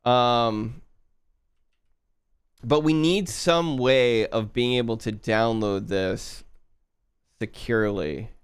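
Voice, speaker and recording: A man with a Southern accent, explaining his build step by step to his live stream chat in a relaxed way. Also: medium pitch, slow, pauses often, smooth, dry recording. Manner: relaxed, explaining, muttering to himself. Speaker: livestreaming programmer.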